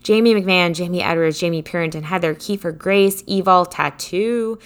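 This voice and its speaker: A woman co-hosting a podcast in casual chat, bubbly and quick to laugh, with lots of "like" in her talk. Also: lowish voice, clear, resonant tone. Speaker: podcast co-host.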